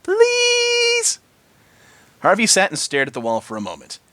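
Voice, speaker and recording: A man's voice: medium pitch, sing-song, fast, sharp tone, no echo. A man reading a story aloud, narrating expressively. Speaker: story reader.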